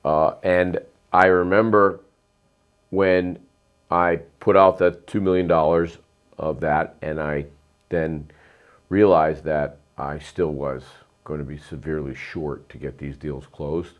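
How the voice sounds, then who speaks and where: Middle-aged man, very low voice, emphatic rambling storyteller. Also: fairly even intonation, slow, narrow, tinny audio. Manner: rambling, emphatic, frequent ums and uhs. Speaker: real estate investor, guest. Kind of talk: storytelling interview.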